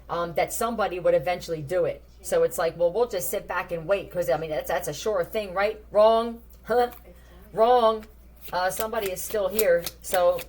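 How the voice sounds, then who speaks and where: A woman's voice: fairly low pitch, darkish tone. A woman giving a casual tarot reading, thinking aloud in a blunt, profane way. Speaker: tarot reader.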